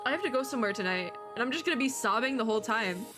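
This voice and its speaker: A woman giving casual, excitable reaction commentary as a VTuber, chatty and gushing. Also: fairly high pitch, rapid-fire. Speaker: VTuber reacting to an animated short. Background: faint music from the video.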